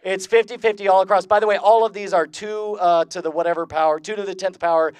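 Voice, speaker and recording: A man's voice: sits high, steady tone, fast talker, clean tone, no echo. A man giving a comedic skeptic lecture to a live convention audience of a couple hundred people. He talks with energy, polls the crowd, and laughs at his own jokes. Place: large convention room with about two hundred people.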